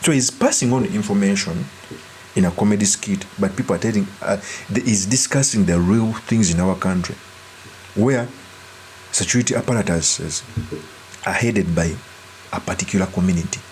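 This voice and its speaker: A man giving earnest, deliberate political commentary and breaking off to restart his sentences. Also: lowish voice, darkish tone, slight background noise.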